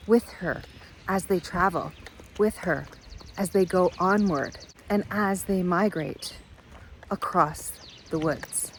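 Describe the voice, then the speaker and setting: A woman giving a reflective self-help monologue, speaking in slow, measured, repetitive phrases. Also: mid-range voice, a little hiss or hum, poor audio.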